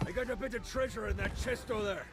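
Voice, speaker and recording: A man's voice: high voice, quick pace, natural voice. A man voicing a swaggering ghostly pirate captain in a video game, speaking with theatrical bluster. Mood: boastful. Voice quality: gravelly. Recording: game audio over music.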